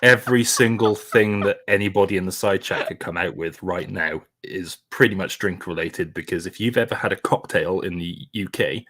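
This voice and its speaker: A man's voice: low voice, moderate pace, few pauses, a bit bright. A man from the UK co-hosting a livestream, chiming in with dry, hesitant remarks. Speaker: co-host on stream.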